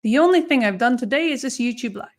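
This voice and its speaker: Lively woman teaching grammar online. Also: fairly high pitch. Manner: lively, slow for emphasis, counts down for tasks. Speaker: English exam teacher. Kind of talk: live online grammar lesson.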